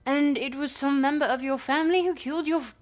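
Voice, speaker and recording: Woman reading as a probing old philosopher man, questioning, slightly high voice, live dialogue reading. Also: fast, natural voice. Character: older male Greek philosopher, inquisitive, probing.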